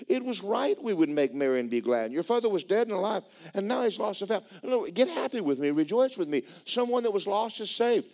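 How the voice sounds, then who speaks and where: A male pastor preaching with a lively, swinging delivery, his voice sitting a bit higher than most men's. He reads a passage, then stops to comment on it and often restarts his words mid-thought. The whole thing has the loose rhythm of a sermon delivered from the pulpit. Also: fast, hardly any pauses. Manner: animated preaching with repeated stumbling restarts; reads scripture aloud and breaks in to comment.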